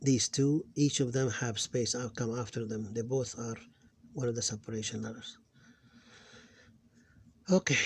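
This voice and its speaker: A man's voice: medium pitch, fairly even intonation, measured pace, long pauses, breathy edge, no room sound. A man teaching an Arabic phonics lesson, sounding out syllables one at a time with patient explanations. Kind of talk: slow reading lesson.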